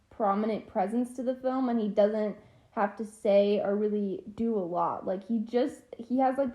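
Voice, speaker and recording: A woman's voice: mid-range voice, dull audio. A young adult woman co-hosting a podcast in casual chat, often laughing between lines. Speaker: podcast co-host.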